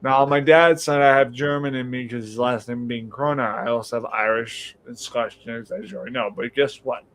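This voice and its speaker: A man's voice: mid-range voice, brisk, slight background noise, rough recording. A young man with a Boston accent, hosting a casual late-night podcast stream, telling rambling family stories and reading out viewer comments. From New England. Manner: rambling storyteller, quotes others in lively voices. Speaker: livestream podcast host.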